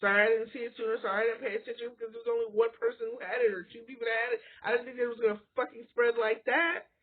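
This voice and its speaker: A woman's voice: a little high, flat delivery, rapid-fire. A woman giving a blunt, profane, casual rant to camera, firing off rhetorical questions. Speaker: vlogger. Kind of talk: casual ranting monologue. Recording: phone-like lo-fi audio.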